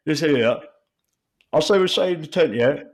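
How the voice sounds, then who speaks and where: A man's voice: on the high side, normal speed, pitched above the performer's own voice. A man voicing a cocky London footballer-pundit figure who pads every sentence with "yeah?" and "bruv". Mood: pleading. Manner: repeats "yeah?" and "bruv" tags.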